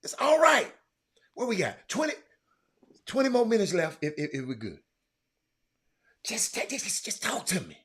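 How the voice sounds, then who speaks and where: A man hosting a livestream, stammering and repeating himself, muttering low one moment and shouting the next. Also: wildly swooping pitch, moderate pace, long pauses, husky. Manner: repetitive, stammering, talks straight to viewers; swings from quiet muttering to loud shouting. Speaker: livestream host. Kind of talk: casual livestream chat.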